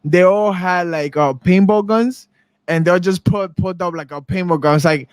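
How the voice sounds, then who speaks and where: High-voiced animated young man telling stories. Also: moderate pace, smooth, dry recording. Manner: animated storyteller acting out quotes in different voices. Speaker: podcast co-host. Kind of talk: casual chat, storytelling.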